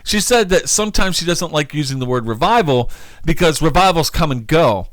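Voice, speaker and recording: A man's voice: a little high, lively intonation, brisk, dry recording. A man, a pastor co-hosting a church talk show, chatting casually and enthusiastically and laughing easily. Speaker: pastor and co-host.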